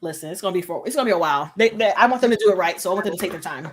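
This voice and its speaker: A woman co-hosting a casual fan discussion of a TV show, animated, laughing often and repeating phrases for emphasis. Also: on the low side, rapid-fire, a crowd in the background.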